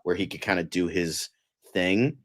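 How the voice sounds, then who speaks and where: A low-voiced man co-hosts a loose live-stream chat. He rambles through his points with plenty of fillers and swears freely. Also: moderate pace, a bit bright. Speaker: co-host.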